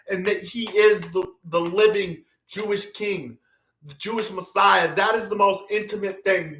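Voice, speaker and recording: High-voiced gushing man, echoey room. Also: a bit bright. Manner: effusive, gushing, sing-song. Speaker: channel owner thanking subscribers. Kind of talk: emotional livestream chat.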